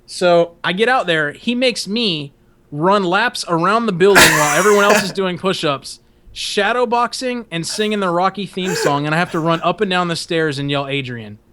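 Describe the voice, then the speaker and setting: A man's voice: sits high, moderate pace, pushed and bright. Profane young man telling a rambling story. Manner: profane, rambling, laughs often. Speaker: podcast host. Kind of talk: casual storytelling.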